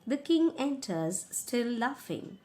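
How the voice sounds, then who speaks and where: A woman's voice: fairly high pitch, sing-song, slow pace, a little mellow. A woman teacher, patiently reading a school play aloud and explaining each passage in simple words.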